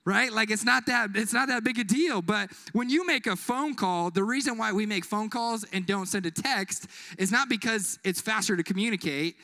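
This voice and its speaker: A young man delivers an energetic youth sermon inside a church. His voice sits high and sounds bright. He keeps the crowd involved with jokes, quick put-on voices and repeated calls for an amen. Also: vocal fry. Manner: call-and-response, joking, acts out quick voices. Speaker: youth pastor. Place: church building.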